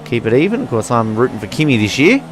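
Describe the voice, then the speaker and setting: A man's voice: medium pitch, sing-song, quick pace. A young man giving rambling, self-mocking commentary while playing a racing game. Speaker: gaming commentator. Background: faint car engine noise.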